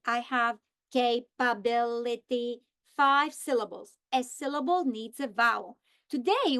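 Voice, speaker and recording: A woman explaining how to teach a reading lesson, slowly modeling the script she would read to students. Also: sits high. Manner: slow, deliberate modeling of a script. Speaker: teacher trainer. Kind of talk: instructional walkthrough.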